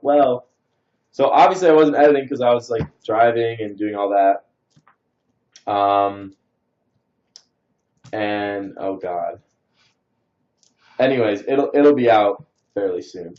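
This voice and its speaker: Casual young dude on a lo-fi live stream, rambling, thanking viewers, lowish voice. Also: male voice, a little mellow. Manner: rambling storyteller, many "like"s and fillers; answers viewer comments and thanks them. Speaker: livestream host. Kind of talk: casual livestream chat. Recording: dull lo-fi stream audio.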